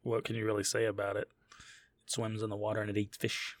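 A man's voice: on the low side, monotone, quick pace, no room sound. A man hosting a casual podcast chat, loose and joking, laughing often. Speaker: podcast host.

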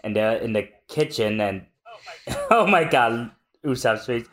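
Wry, lively podcast co-host. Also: medium pitch, measured pace. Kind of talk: casual chat, reading manga aloud.

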